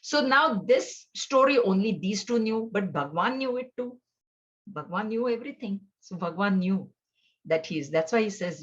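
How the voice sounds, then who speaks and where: A woman's voice: a little high, sing-song, normal speed, a bit bright. A woman teaching a scripture class, telling stories in a conversational way with fillers and restarts. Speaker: spiritual teacher. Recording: dull lo-fi recording.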